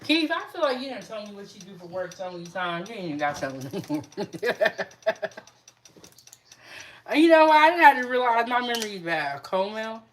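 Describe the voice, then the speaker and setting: With a mid-range, sing-song voice, she speaks a little fast over a faint hiss or hum. A young adult cooking show host, she streams casually from her home kitchen, chatting and responding to viewers' comments as she cooks.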